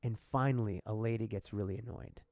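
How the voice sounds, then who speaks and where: A man's voice: lowish voice, steady tone, a little fast, darkish tone, no echo, clean studio sound. A man co-hosting a podcast who tells a personal story in an earnest, rambling way, with many restarts and asides. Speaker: podcast co-host.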